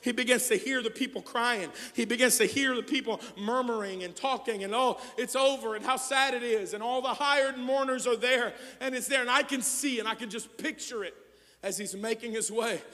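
A man preaching as a pastor, moving between quiet storytelling and shouted, fervent exhortation. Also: very high voice, moderate pace, big-room sound. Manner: swings from hushed storytelling to shouting fervor. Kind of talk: sermon. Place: church sanctuary.

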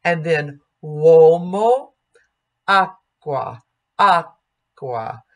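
A woman teaching a music diction lesson, speaking slowly and carefully and modeling sung vowels and words aloud. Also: lowish voice.

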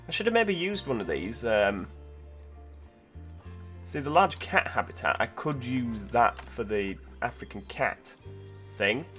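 Chatty man narrating his gameplay. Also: mid-range voice. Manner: chatty, thinking aloud with fillers. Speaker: gameplay video host. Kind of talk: casual let's-play commentary. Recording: quiet background music.

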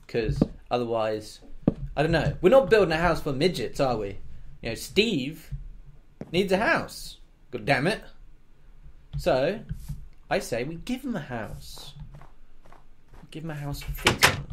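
Rambling, joking man with a lively voice. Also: medium pitch, noisy background. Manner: joking, rambling, talks to himself, makes silly sound effects. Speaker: let's play gamer. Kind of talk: casual gameplay commentary.

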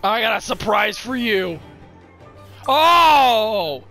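A man giving excited card game commentary with a hoarse, worn-out voice, yelling theatrical trash talk at his opponent. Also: high-pitched, normal speed, soft background music. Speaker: gaming video creator.

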